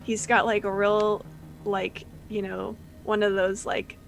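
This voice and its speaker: A woman running a tabletop game as game master, narrating in a relaxed way with many fillers. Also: medium pitch, slow, vocal fry, low-quality recording.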